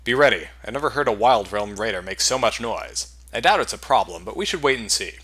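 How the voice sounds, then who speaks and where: A man's voice: fairly low pitch, expressive, brisk, pushed and bright, breathy edge, full character voice. A man voicing a cautious male scout in a fantasy game, speaking in terse, urgent warnings. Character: wary male human scout, grim and cautious.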